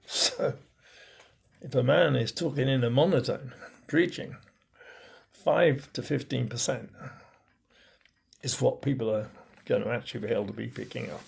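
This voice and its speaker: A middle-aged man, a bishop, giving a recorded teaching talk on communication, stressing key words with pauses and swings in loudness. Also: medium pitch, steady tone, creaky, breathy edge.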